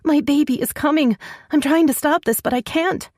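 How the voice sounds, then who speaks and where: A woman voices a frightened young woman in labor, pleading breathlessly and tearfully in a panicked mood. Her voice sits high, pitched above her own, slightly mellow, at a moderate pace, lightly acted, in clean studio sound with no echo.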